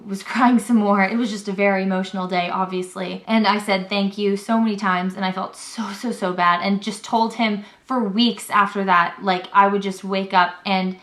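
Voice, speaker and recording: A woman's voice: medium pitch, steady tone, moderate pace, few pauses, fairly bright tone. A young woman telling a personal story to camera in a chatty vlog style, acting out the lines of the people in it, with many fillers. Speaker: vlogger. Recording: echoey room.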